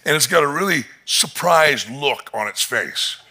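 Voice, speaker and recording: A male pastor preaching a sermon in an animated storytelling manner, chuckling often as he tells the story. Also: a little high, a little slow.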